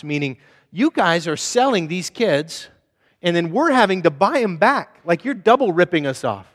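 A man preaching a sermon as a pastor, swinging between hushed asides and loud exhortation. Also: sits high, very animated, normal speed, long reverb tail.

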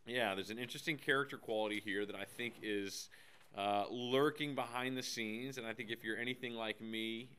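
A man giving a casual devotional talk, telling a story in a relaxed way with frequent fillers and dry humor. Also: lowish voice, slight background noise. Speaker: devotional speaker.

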